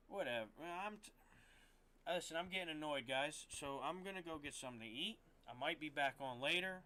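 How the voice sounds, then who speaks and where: A man's voice: mid-range voice, pushed and bright, a little hiss or hum. A man streaming a game, ranting to his chat in a rambling, frustrated way, swearing often and restarting his sentences. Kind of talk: casual rant to stream chat.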